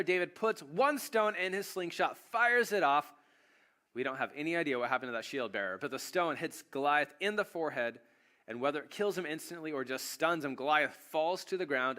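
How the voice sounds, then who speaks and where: A man with a fairly high voice preaches a sermon as a pastor, retelling a story in an animated, joking, conversational manner.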